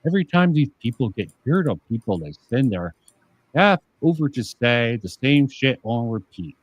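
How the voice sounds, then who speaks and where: Mid-pitched man, streamer reading and scoffing at comments, sarcastic, dry dead sound with no room, casual commentary. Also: big pitch swings, moderate pace, dry recording, highs cut off. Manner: sarcastic, reads comments aloud and rebuts them. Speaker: streamer host.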